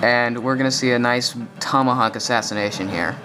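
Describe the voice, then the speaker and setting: A young man giving casual, excited gameplay commentary, rambling and correcting himself as he goes. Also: mid-range voice, fairly quick. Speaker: gaming video commentator.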